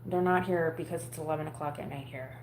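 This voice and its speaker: A woman rambles bluntly to her live-stream viewers, cursing freely. Her voice sits a little low, and the room around her is echoey, with a faint hum behind it. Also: steady tone, fast, darkish tone. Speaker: vlogger talking to a live audience. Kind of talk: casual live-stream chat. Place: home at night.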